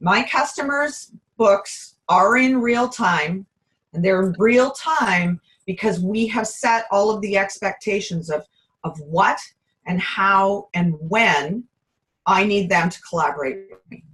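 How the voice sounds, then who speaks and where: A woman guest in a casual interview, upbeat and chatty, her voice a little hoarse. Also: mid-range voice, slow, fairly bright tone, rough recording. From Canada. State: slightly hoarse. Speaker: guest presenter, bookkeeper.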